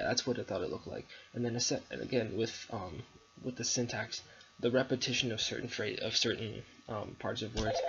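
The speaker is a young adult man whose fairly low voice is creaky yet fairly bright. Recording a literary analysis presentation, he works through a poem hesitantly with frequent ums and restarts; the recording is dull, lo-fi, and faintly noisy.

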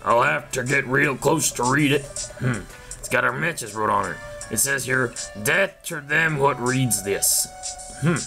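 A man voicing a doting old farmer father in a low, drawling put-on voice, for a game playthrough. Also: measured pace, vocal fry, sharp tone, soft background music. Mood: puzzled.

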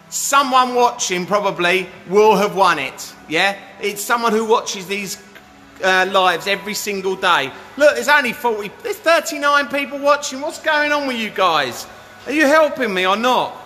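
A man hosting a hot tub giveaway livestream, hyping up his viewers with a pushy sales pitch and constantly asking "yeah?". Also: sharp tone. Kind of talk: live-stream sales pitch. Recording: echoey room with music behind.

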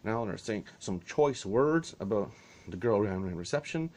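A man's voice: fairly low pitch, animated, moderate pace, darkish tone. A man telling a story in a casual vlog, exasperated and sarcastic, swearing freely. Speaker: vlogger.

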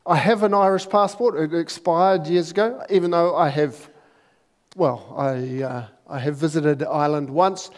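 A man opens a church service, chatting and joking about himself. His voice sits high. He speaks into a clip-on microphone. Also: unhurried, big-room sound. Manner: chatty, joking, self-deprecating. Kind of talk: casual sermon introduction.

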